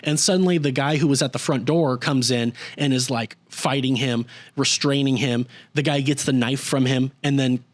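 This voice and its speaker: In a casual podcast chat, a male host with a medium-pitched, steady voice retells a story at a moderate pace. Rambling and profane, he says "like" a lot and slips briefly into character whenever he quotes someone.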